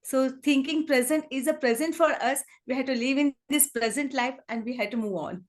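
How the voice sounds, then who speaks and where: A woman's voice: high-pitched, a little fast. A woman with an Indian accent, a kindergarten teacher answering interview questions in an earnest, conversational way, mixing English and Hindi with many fillers. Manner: switches between English and Hindi, many fillers like "and all", "you can say"; earnest, emotional in places.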